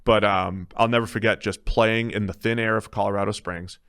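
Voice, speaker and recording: A man hosts a podcast with loose, casual banter. His voice sits a little low, and he tells his stories in an easygoing way, often chuckling through them. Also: fairly even intonation, fairly quick, a bit bright, clear, resonant tone. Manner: laughs through his own anecdotes. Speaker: podcast host.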